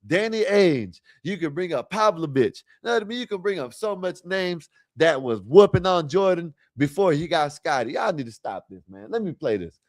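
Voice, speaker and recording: Man, stream host, rambling casual commentary, slightly high voice, dry close mic. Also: big pitch swings, normal speed, few pauses, no echo. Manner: rambling, talks straight to viewers. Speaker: livestream host.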